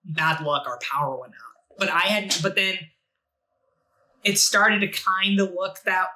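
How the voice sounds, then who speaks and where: A man's voice: high-pitched, fairly even intonation, unhurried, bright, forceful tone, low-quality recording. A young man as a podcast guest, chatting loosely and swearing freely. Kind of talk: casual chat.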